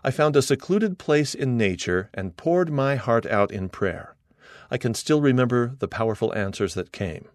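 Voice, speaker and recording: A middle-aged man reading an article aloud as scripted narration, earnest and measured, quoting scripture. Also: lowish voice, no room sound, studio quality.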